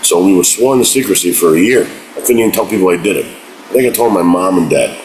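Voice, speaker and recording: A man casually recounts behind-the-scenes stories from his acting career, acting out the lines people said. His voice is low and deep, and he tells it with animated energy. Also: fast talker, slight background noise, low-quality recording. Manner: animated, acts out quotes in voices. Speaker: actor telling stories. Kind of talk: casual anecdote.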